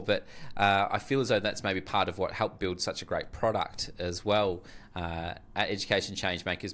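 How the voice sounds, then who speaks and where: A man's voice: lowish voice, a bit bright. A man co-hosting a podcast, speaking in a tentative, hedging way with plenty of fillers. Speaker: podcast co-host. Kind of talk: casual conversational interview.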